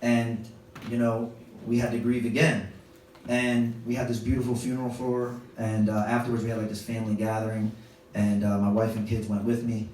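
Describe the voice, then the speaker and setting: A man doing stand-up comedy, telling a family story in an animated way and jumping into high voices for his kids. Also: fairly quick. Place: comedy club stage with a laughing audience. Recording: echoey live room, distant mic, background noise.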